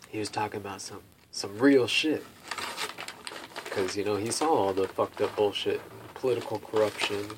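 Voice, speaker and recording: A young man telling a rambling personal story in casual chat. He fills his talk with "like" and swearing and laughs often. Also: on the low side. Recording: faint background noise.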